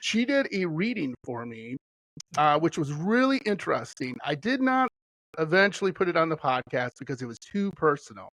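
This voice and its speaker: A man's voice: a little high, very animated, moderate pace, a bit bright, no room sound, low-quality recording. A middle-aged man as a podcast guest, chatting casually in a rambling, enthusiastic way with lots of fillers. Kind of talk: casual chat.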